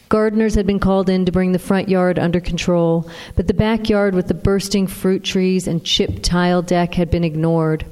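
A woman with a fairly low voice reads an audiobook in a steady, even way. Her voice rings out with a long reverb around it. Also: clean tone. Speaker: narrator. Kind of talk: audiobook narration.

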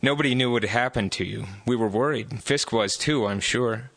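A man's voice: medium pitch, moderate pace, creaky, a bit bright, dry recording. A man voicing a worried, exasperated young woman in a live book reading, pleading and growing angry. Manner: pleading, rising anger. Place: bookstore.

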